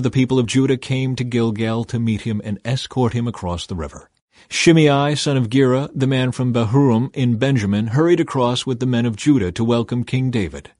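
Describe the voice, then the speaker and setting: A man reading scripture aloud in a measured way, slowing down to stress key words. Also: mid-range voice, a little mellow, no echo, studio quality. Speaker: scripture reader.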